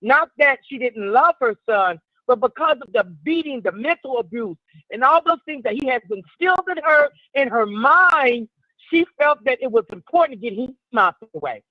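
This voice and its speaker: A woman calling into a talk show and offering her opinion in a reflective, measured way. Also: high-pitched, expressive, no room sound, highs cut off. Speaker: caller.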